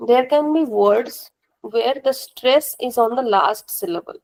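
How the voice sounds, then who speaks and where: Patient Indian woman teaching, gravelly. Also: on the high side, unhurried, a little mellow, rough recording. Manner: patient, repetitive explaining with questions to the class. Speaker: language teacher. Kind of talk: classroom lesson explanation.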